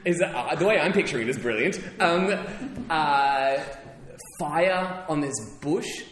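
A man preaching a sermon to his congregation in a conversational way, pausing often with fillers and restarting his sentences. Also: a little high. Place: church hall. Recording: roomy hall reverb.

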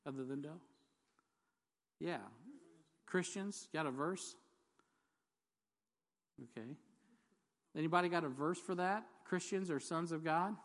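A man preaching a sermon in a conversational, jokey way, asking the congregation questions and reading scripture aloud. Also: on the high side. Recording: long hall reverb.

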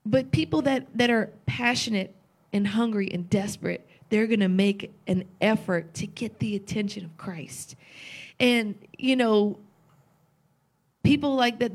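A woman preaching a sermon with passion, repeating phrases and asking rhetorical questions, at times tearful. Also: mid-range voice.

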